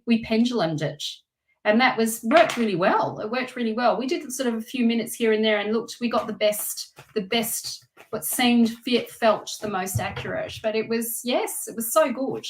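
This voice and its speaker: A woman hosting a tarot and astrology live stream, chatting casually with viewers in an effusive, emotional way. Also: a little high.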